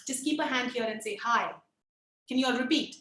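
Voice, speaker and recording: High-voiced woman teaching a puppetry class. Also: fairly quick, echoey room, rough recording. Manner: lively, demonstrative, coaxing the group to join in. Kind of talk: online workshop instruction.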